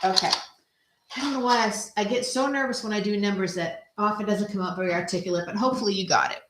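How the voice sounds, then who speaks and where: Chatty and self-deprecating, a woman hosting a card-making video thinks aloud as she crafts, speaking at medium pitch with a quick pace and a slightly bright tone. The room echoes, and there's slight background noise.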